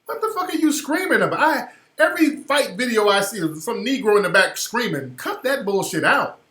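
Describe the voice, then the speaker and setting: A high-voiced male radio host rants through his commentary, blunt and profane, and hammers his points with repetition. His tone is bright and sharp, and the room gives it a roomy echo. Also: sing-song, brisk. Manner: blunt, profane, ranting, repeats phrases for emphasis.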